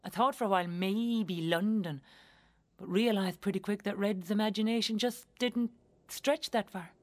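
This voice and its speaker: A woman's voice: medium pitch, moderate pace, natural voice. Irish monologue role: a woman playing a blunt, wry young wife, earthy and swearing, medium voice. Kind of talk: theatrical monologue.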